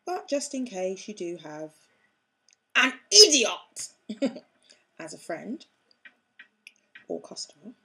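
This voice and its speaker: A woman's voice: mid-range voice, lively intonation, takes it slowly, vocal fry, long pauses, a little mellow, slightly rough. A woman chatting casually as she demonstrates a craft project step by step, joking at her own expense as she works. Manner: chatty, self-mocking, talks while working with hands. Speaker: craft tutorial host.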